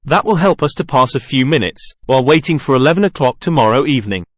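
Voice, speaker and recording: Menacing masked genius with a lively, swooping delivery as a male reader does him, for a storybook reading. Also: mid-range voice, quick pace, dry recording, clean studio sound, natural voice. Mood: brooding. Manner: theatrical, wheedling then boastful.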